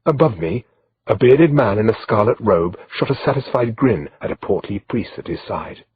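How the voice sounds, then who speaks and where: A man narrating an audiobook in first person with a measured, steady delivery, in a slightly dull lo-fi recording. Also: on the low side, husky, no room sound.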